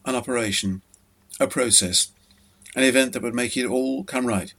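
A man reads a story aloud in a measured, steady manner. His voice sits at an ordinary middle pitch. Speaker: narrator. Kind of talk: scripted story narration.

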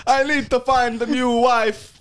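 A man voicing a heartbroken Italian plumber brother in an improvised comedy skit, slow and mournful in a put-on Italian accent. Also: very high voice, little pitch movement, a bit bright, clean tone. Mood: mopey.

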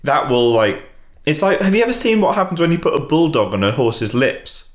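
A co-host who teases with dry one-liners and has a very lively, swooping pitch. The recording sounds roomy and echoey. Their voice sits at a middle pitch. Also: brisk. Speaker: podcast co-host. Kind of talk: casual chat.

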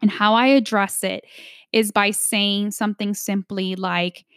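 A woman's voice: mid-range voice, flat delivery, a little slow, fairly bright tone, clean tone, no echo, clean studio sound. A woman coaching an audience on negotiation in an emphatic instructional talk, often tagging her points with "right?".

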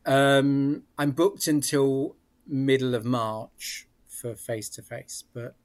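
A man with a British accent speaks in a measured, explanatory way at an ordinary pitch. He restarts his sentences often as he thinks aloud, in a relaxed interview chat. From England. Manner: thoughtful, explanatory, frequent restarts. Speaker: psychic medium guest.

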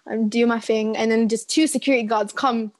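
Young woman, podcast co-host, chatty storyteller, higher voice, dry close sound. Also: fairly quick, dry recording. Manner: chatty, animated storyteller with many fillers. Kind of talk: casual chat.

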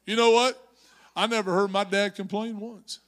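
A male pastor preaching a sermon in church, moving from conversational storytelling to shouted exhortation. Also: high voice, steady tone, moderate pace. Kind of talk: Pentecostal-style preaching. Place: church sanctuary.

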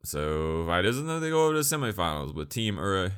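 Deep-voiced young guy ranting about anime, swears a lot, sarcastic and blunt. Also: very animated, quick pace, a bit bright, clear, resonant tone. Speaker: anime reviewer. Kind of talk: casual ranting commentary.

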